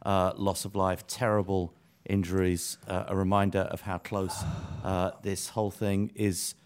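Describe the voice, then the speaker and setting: A man's voice: low-pitched, little pitch movement, unhurried, a little mellow. Man, dry podcast storyteller. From South London. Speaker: podcast co-host. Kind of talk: comic podcast banter.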